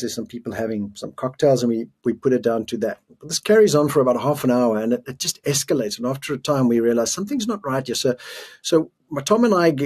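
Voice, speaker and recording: A middle-aged man from South Africa tells a harrowing story in earnest, his voice husky and breathy at a steady middle pitch. He stops and restarts his sentences as he recalls it, in an interview setting. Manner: earnest, emotional retelling with restarts. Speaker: guest.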